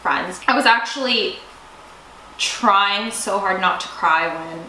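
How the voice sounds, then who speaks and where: In an echoey room with a faint hiss, a young female co-host chats casually about TV, gushing, giggling and cursing offhandedly. Her mid-range voice moves slowly, with a bright, forceful tone.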